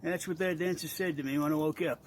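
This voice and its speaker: Halting, nasal man hosting a vlog. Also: on the high side, fairly even intonation, slight background noise. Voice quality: congested, nasal. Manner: halting, many fillers and restarts. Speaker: vlog host. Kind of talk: casual vlog talk.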